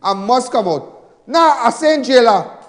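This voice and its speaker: A man's voice: very high-pitched, expressive, measured pace. A Trinidadian man giving a fiery political rally speech in a large hall, emphatic, mocking and repeating his points.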